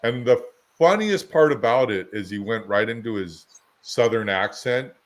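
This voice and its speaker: A man's voice: mid-range voice, animated, normal speed. A man co-hosting a podcast, rambling through casual anecdotes and examples in a chatty conversational way. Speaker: podcast co-host.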